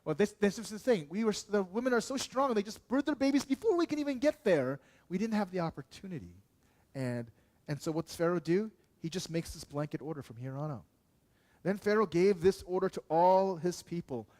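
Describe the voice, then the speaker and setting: A man's voice: high-pitched, animated, brisk, darkish tone. A man preaching a sermon as pastor in a conversational way, often asking the congregation questions and checking in with "okay". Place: church.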